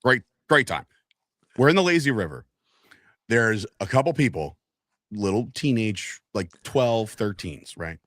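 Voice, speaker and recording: Animated, cursing storyteller man. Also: lowish voice, measured pace, dry recording, clean studio sound. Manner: animated storyteller, swears freely, acts out quotes loudly. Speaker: co-host. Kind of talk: casual podcast chat.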